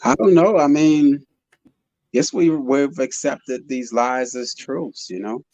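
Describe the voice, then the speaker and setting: A man's voice: mid-range voice, takes it slowly, a little mellow, no room sound. A man hosting a casual live online panel chat, talking in a laid-back, musing way. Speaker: host. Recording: dull dry lo-fi online audio.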